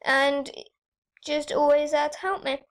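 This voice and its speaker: High-voiced chatty young girl. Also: a little slow. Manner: chatty, excitable, rambling. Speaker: YouTuber. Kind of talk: casual gaming vlog commentary.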